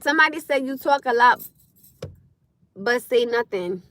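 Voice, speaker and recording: A woman chatting casually on a livestream, loud and laughing often as she answers comments. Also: fairly high pitch, lively intonation, moderate pace. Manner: loud, laughing, talks back to chat. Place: in her car.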